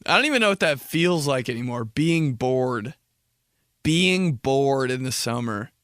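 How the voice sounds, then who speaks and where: A man's voice: mid-range voice, expressive, measured pace, a bit bright. A young man riffing alone into the mic, rambling loosely with lots of slang and cursing in an everyday mid-range voice. The sound is dry and close, with no room echo. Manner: rambling, slangy, heavy swearing. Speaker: podcast host. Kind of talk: casual comedic monologue.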